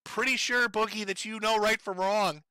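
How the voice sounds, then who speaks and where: A man's voice: sits high, steady tone, moderate pace, bright, forceful tone, smooth, no room sound. A middle-aged man giving angry, profane commentary on a livestream, mocking and sarcastic, sore from broken ribs. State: in pain from broken ribs, on medication.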